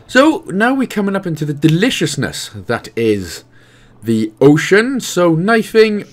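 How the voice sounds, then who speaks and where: A Welsh man talks through a video game guide in a relaxed, joking way. His voice sits a little high for a man and swings up and down a lot as he chats. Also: measured pace. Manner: chatty, jokey, self-mocking asides. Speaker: gaming guide host. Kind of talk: game walkthrough commentary.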